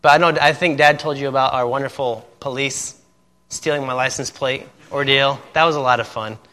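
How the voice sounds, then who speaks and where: A man's voice: medium pitch, fairly even intonation, a little fast, bright, forceful tone. A man, a missionary, talking casually to a group and laughing often between his sentences.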